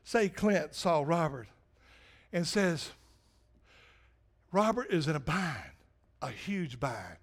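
A man preaching a sermon to his church, swinging from loud urgency to hushed, near-whispered pleading. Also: fairly high pitch, big pitch swings, slow, long pauses. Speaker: pastor.

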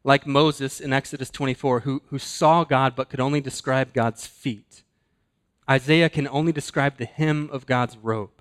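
A man's voice: mid-range voice, fairly even intonation, clean tone. Earnest man preaching a sermon. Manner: earnest, slows and drops to a hush for emphasis. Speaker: pastor.

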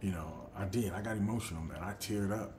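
A man's voice: low-pitched, a little fast. Middle-aged guy rambling on his podcast, swears a lot, acts stuff out, faint hum behind. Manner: animated storyteller who acts out quotes; loose and profane. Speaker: podcast host. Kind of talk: casual podcast monologue.

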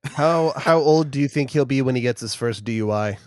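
Young male podcast co-host, mid-pitched voice, dry booth sound, easygoing swearing. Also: brisk, no room sound. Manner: relaxed, agreeing, casually profane. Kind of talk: casual podcast chat.

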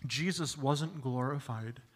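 A man preaching a sermon, building to loud emphatic peaks and dropping low for contrast. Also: takes it slowly. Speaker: pastor.

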